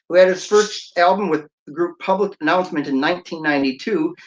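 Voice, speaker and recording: A man's voice: high-pitched, muffled recording. A man, a radio DJ, hosting a casual livestream, talking in a jokey, playful way. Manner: jokey, playful, breaks into sung snippets and laughs.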